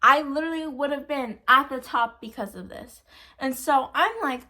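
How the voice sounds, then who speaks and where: This young vlogger in her twenties speaks with a sharp tone, her voice sitting high and her pace moderate. Recorded on a phone camera, she casually recounts a maddening episode, quoting lots of what people said.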